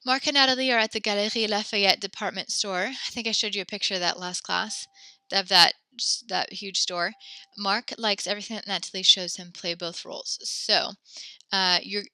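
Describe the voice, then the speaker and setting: Woman, French teacher, very bright voice, dry close sound, encouraging, keyboard clicks. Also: medium pitch, steady tone, normal speed, clean tone, no echo. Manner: encouraging, praises students often; walks through conjugations step by step. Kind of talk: online class teaching.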